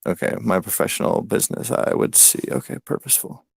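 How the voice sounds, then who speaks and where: A man's voice: brisk, dry recording. A man playing a tabletop game, thinking aloud and hesitating as he describes his actions. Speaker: player. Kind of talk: casual tabletop play.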